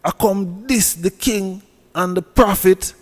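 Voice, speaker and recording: A man's voice: high-pitched, takes it slowly, big-room sound. A man with a Jamaican accent who scolds and preaches in a heated commentary rant, repeating himself. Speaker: online commentator.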